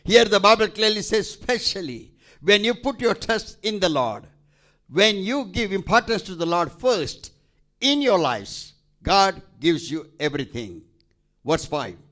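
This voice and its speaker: A male pastor preaching a sermon, emphatic and repetitive, pausing for scripture readings. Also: sits high, big pitch swings, pushed and bright.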